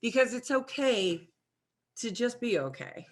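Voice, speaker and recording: A woman's voice: on the high side, animated, a little slow. A woman co-hosting a talk show, telling a personal story in an earnest, reflective way. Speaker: co-host.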